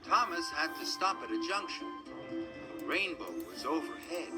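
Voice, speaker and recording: A man narrating a children's storybook gently, his fairly high voice rising and falling expressively. Music plays steadily underneath. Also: very animated, normal speed.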